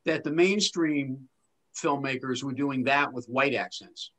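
A man's voice: mid-range voice, a little slow, a bit bright. A man joining a casual group discussion over a video call, explaining his point in a wry way. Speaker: discussion participant.

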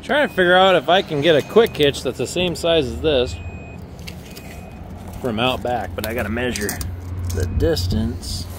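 A man's voice: medium pitch, normal speed, pauses often, background noise. A man casually narrating an equipment dealer's vlog, chatty and self-joking, thinking aloud as he works around a yard and shop.

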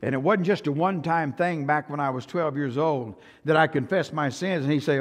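An older man with a Texan accent preaching a sermon as pastor, swinging from hushed to loud and often repeating himself. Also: on the high side, normal speed, hardly any pauses. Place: church sanctuary. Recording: long church hall reverb.

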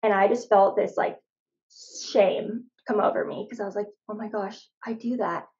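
A woman's voice: medium pitch, fairly even intonation, moderate pace, a little mellow, muffled recording. A young adult woman from Arizona, a guest in a casual faith-centered conversation, telling stories in a chatty way full of "like.". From Phoenix, Arizona, USA. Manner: chatty storyteller, lots of "like". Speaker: interview guest.

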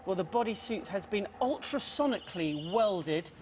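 A man's voice: sits high, expressive, normal speed, slight background noise. A young man presenting a live breakfast TV sports bulletin, self-mocking and chatty, a little out of breath.

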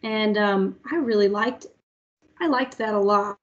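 A woman's voice: medium pitch, measured pace. A young woman music teacher leading an online lesson for small children, patiently singing short lines for them to echo back. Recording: lo-fi online class audio.

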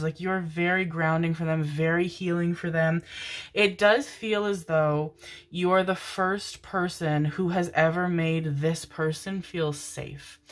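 A woman giving a casual, rambling tarot reading, affectionate and loose, with frequent fillers and casual swearing. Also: fairly low pitch. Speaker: tarot reader. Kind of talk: casual intuitive reading monologue.

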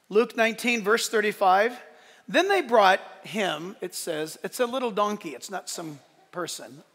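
A male pastor preaching a sermon in a church, animated and joking, acting out quotes as he goes. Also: sits high, big-room sound. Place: church sanctuary.

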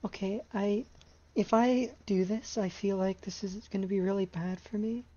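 A woman's voice: mid-range voice, fairly even intonation, moderate pace, warm tone, highs cut off. A young woman streamer giving live commentary on a horror game, rambling anxiously and exasperatedly about how much she hates what she sees.

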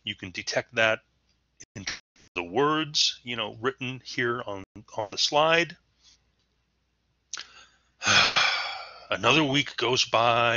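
A man with a low, very bright and forceful voice gives a recorded lesson in a relaxed, chatty way, slipping in fillers and playful spoken examples. The recording is dry and a little dull, with no room sound. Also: breathy edge, no echo. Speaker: teacher. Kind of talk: recorded lecture.

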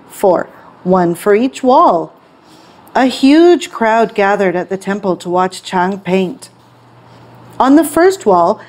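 Slow, expressive storybook reader, woman. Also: mid-range voice. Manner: expressive, clear read-aloud. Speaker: English storytime teacher. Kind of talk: reading a picture book aloud.

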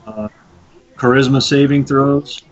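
A man's voice: fairly even intonation, a little slow, noisy background. A man playing a tabletop game, joking and poking fun at himself. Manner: self-mocking, joking. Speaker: player. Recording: dull low-fi sound with faint music.

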